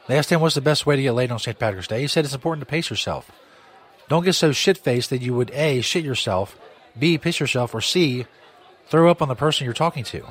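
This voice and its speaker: A man's voice: mid-range voice, fairly bright tone, husky. A man hosting a live radio show from a pub in a casual, joking way, laughing at his own jokes. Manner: laid-back, joking, laughs at own bits. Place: pub during a live broadcast. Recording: crowd and music behind. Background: rowdy crowd and music.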